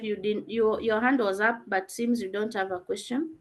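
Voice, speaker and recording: A woman's voice: mid-range voice, fairly even intonation, moderate pace. A woman teacher explaining answers and calling on students in an online revision class over a video call.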